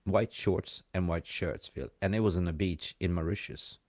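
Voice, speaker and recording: Chatty low-voiced man hosting a call-in. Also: a little mellow. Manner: chatty, rambling, quick to laugh. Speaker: live show host. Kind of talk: casual call-in chat.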